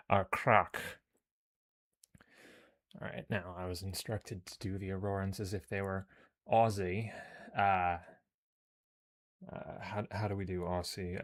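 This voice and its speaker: Male streamer, very low voice, joking and profane, casual gameplay chat, reads story text aloud. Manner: joking, profane, talks to himself. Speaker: game streamer.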